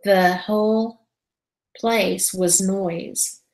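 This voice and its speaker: A woman who is a paranormal investigator, telling a story as a guest in a casual interview. She is animated and acts out the conversations she describes. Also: mid-range voice, drawn-out words, roomy sound, poor audio. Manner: animated, re-enacting conversations as she tells them.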